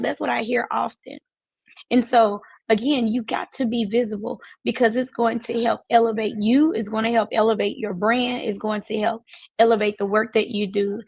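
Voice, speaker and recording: A woman's voice: a little high, fairly even intonation, moderate pace, vocal fry, husky, no room sound, low-quality recording. A woman hosting a live stream as a financial services coach, speaking emphatically with repeated, preacherly phrasing. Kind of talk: motivational live-stream talk.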